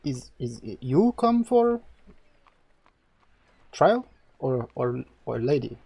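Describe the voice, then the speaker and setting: A man voicing a gruff male priest guide who speaks the common tongue in halting, broken phrases. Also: medium pitch, big pitch swings, dark tone, no echo, full character voice. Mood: earnest.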